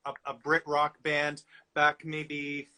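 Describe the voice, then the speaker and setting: A male interviewer with a fairly high, bright voice chats with easy enthusiasm. He is quick to praise and keeps the conversation friendly and casual. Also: monotone. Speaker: interviewer host.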